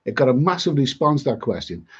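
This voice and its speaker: Very animated and brisk, a middle-aged Liverpudlian travel vlogger talks casually on a live stream in a medium-pitched, slightly rough voice. He rambles and repeats words, and the lo-fi audio sounds dull.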